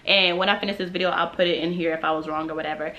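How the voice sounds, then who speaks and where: A woman's voice: fairly low pitch, fairly even intonation, racing, sharp tone, highs cut off, a little hiss or hum. A young woman vlogger telling a storytime tale in a casual, slangy way, acting out quotes and laughing along.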